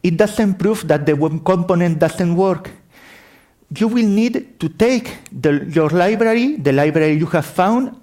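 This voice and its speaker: A man's voice: high-pitched, darkish tone. A middle-aged man from Spain with a Spanish accent tinged with French, giving a tech conference talk, often correcting himself as he explains. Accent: Spanish, with French influence. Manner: apologetic, self-correcting, explanatory. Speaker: conference speaker. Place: conference hall.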